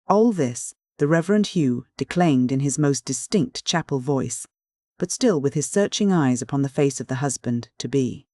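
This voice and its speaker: An audiobook reader narrating a classic novel in a measured, even manner. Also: medium pitch, dry recording, studio quality.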